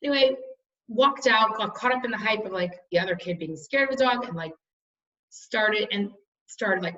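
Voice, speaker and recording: A woman's voice: mid-range voice, normal speed, a bit bright, distant mic, highs cut off. A woman in her thirties teaching a study class, chatty and storytelling with frequent restarts.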